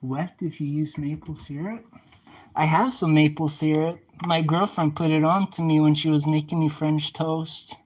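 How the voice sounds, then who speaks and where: A man's voice: fairly high pitch, fairly even intonation, normal speed, a little mellow, rough recording. A young man livestreaming casually, chatting back to viewer comments and playfully trash-talking an oven as he cleans it.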